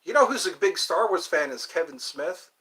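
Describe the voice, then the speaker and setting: A man's voice: sits high, lively intonation, normal speed, sharp tone. A man hosting a casual livestream chat, rambling and thinking aloud as he digresses from one topic to the next. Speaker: host.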